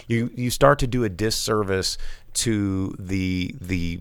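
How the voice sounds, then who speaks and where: A man co-hosting a casual movie chat, tired and with a raw throat, rambling and animated with many restarts. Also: sits low, slow pace, smooth, dry recording. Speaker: podcast co-host.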